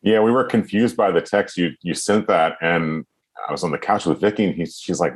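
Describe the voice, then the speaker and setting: American male podcast guest, deep voice, relaxed and self-effacing conversational tone. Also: brisk. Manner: relaxed, modest, laughs easily. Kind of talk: casual interview conversation.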